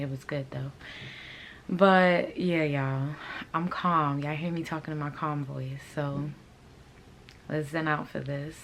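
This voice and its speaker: A woman tells a casual story-time tale in a low, settled voice. She keeps it laid-back and full of slang and talks straight to her viewers. A faint hum sits behind her. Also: gravelly, a bit bright. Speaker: fashion channel host telling a story.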